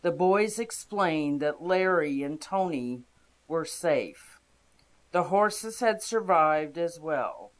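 A narrator giving a calm, steady, scripted reading of first-person inspirational stories. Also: medium pitch, slow pace.

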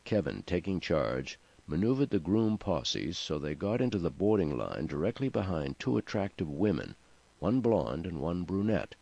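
Male audiobook narrator, deep, lively delivery, dry lo-fi sound. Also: moderate pace, vocal fry, husky. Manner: expressive storytelling. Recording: dry, slightly muffled lo-fi recording.

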